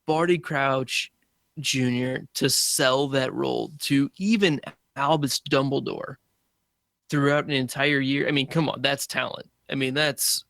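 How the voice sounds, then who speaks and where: Gravelly, laughing podcast co-host man. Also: mid-range voice, steady tone, unhurried, a bit bright, no echo, studio quality. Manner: enthusiastic, laughing often. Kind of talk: casual chat.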